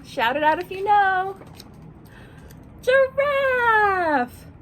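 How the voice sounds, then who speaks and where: A high-voiced woman reads aloud to little children, her pitch swooping up and down in a bright sing-song. She takes her time over each line and keeps stopping to ask the kids questions. It sounds like a librarian at storytime. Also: slight background noise. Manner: sing-song, animated, quizzing young listeners.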